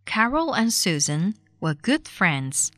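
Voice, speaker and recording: A woman narrating a short story for a language listening test, with clear, measured enunciation. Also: mid-range voice, very animated, fairly bright tone, dry recording, clean studio sound. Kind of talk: scripted reading for a language test.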